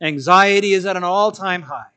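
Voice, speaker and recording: Male preacher, high-pitched voice, animated sermon delivery with acted-out quotes. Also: normal speed, smooth. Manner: animated storytelling, acts out quotes in different voices.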